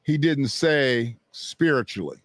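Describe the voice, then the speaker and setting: A man's voice: mid-range voice, expressive, slow pace, fairly bright tone, no echo, studio quality. A man giving casual, blunt boxing commentary, swearing freely and answering his chat. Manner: blunt, profane, talks back to chat and clips.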